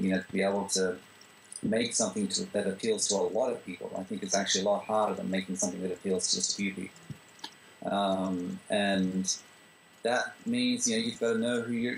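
Gravelly-voiced man with many "you know"s. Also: lowish voice, slight background noise, rough recording. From Australia. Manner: relaxed, full of "you know" fillers and restarts. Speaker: screenwriter and director. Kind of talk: interview answers.

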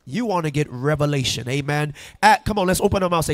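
A male pastor preaching in church, emphatic and call-and-response, rising to shouts. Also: fairly high pitch, animated, fast talker, dry recording. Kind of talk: sermon. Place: church sanctuary.

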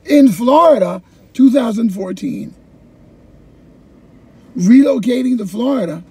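A middle-aged man, a former ESL teacher, telling his personal story in an animated way, repeating phrases and acting out his own past thoughts. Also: extremely high pitch, a little slow, breathy edge, dry recording.

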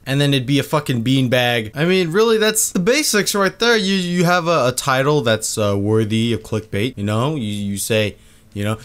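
A man's voice: mid-range voice, lively intonation, moderate pace, fairly bright tone, clean tone. A young man giving a mock tutorial in a casual, profane way and mocking a hype voice in the quoted bits. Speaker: YouTuber.

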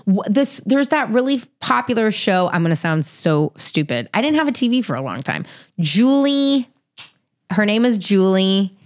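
A woman in her thirties telling stories as an interview guest, animated, profane and self-mocking. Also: medium pitch, normal speed. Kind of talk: casual storytelling.

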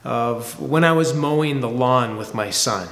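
A man preaching a sermon as pastor, moving from a quiet personal story into emphatic teaching. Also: mid-range voice, measured pace, very noisy. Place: church sanctuary. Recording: echoey church hall.

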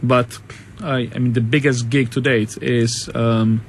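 A man's voice: medium pitch, steady tone, unhurried, a little hiss or hum. A man from Malta, a guest on a radio show, talking casually and hesitantly with many ums and enthusiastic asides. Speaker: guest singer.

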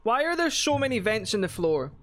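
Excitable swearing man playing a game. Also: high voice, a little fast. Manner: excitable, swearing, bursts of loud shouting. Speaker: gaming host. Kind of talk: casual let's-play commentary.

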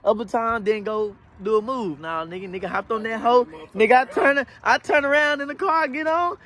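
A man's voice: very high voice, moderate pace. A man with a Dallas accent casually telling a story to friends, acting out what people said and laughing often. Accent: Dallas, Texas. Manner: animated, acts out quotes, laughs often. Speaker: vlogger. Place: outdoors by motorcycles.

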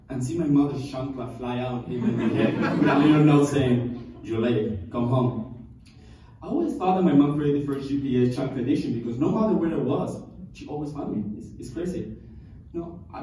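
A young man from Cuba doing a stand-up comedy routine, telling stories with deadpan punchlines and chuckling at his own jokes. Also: medium pitch, slight background noise. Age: young adult. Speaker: student comedian. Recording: echoey room from far off, faint ambience.

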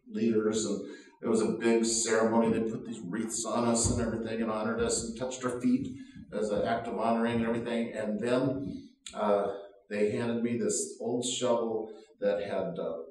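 A man's voice: on the low side, darkish tone. A man pastor telling a story in a sermon, laughing often at his own anecdote. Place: church sanctuary. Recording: very echoey room, voice from far off.

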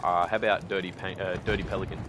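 An excitable man, chatting casually and swearing freely while streaming a game. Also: sits low, fast, background noise. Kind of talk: casual live-stream commentary. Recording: game gunfire under the voice.

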